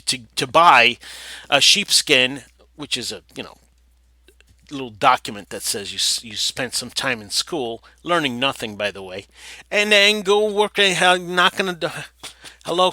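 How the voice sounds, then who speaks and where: This podcast host speaks at medium pitch and ordinary speed, captured in a dry recording. Reading an article on his talk show, he wanders off into sarcastic tangents, sometimes shouting in exaggerated mock voices.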